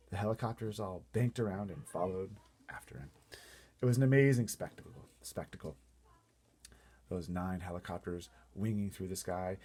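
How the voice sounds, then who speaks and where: A man reading a children's novel aloud in an expressive, animated storytelling manner. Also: lowish voice, vocal fry, breathy edge. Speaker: storybook reader.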